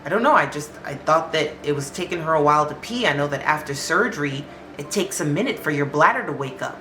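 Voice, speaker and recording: A woman's voice: low-pitched, lively intonation, fast, sharp tone, slight background noise, pitched below the performer's own voice. A woman voicing an evasive woman charge nurse who talks in a hesitant, hedging way, in an echoey room with faint music.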